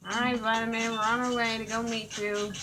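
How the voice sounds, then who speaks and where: A woman's voice: on the high side, flat delivery, brisk, background noise. A young woman giving casual, sarcastic gameplay commentary, laughing often. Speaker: gaming channel host. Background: game music.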